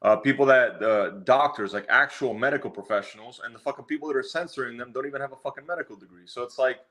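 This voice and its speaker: A man's voice: medium pitch, fast talker, fairly bright tone. A man being interviewed as a guest fighter, talking bluntly and rambling with lots of swearing. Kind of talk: casual interview chat.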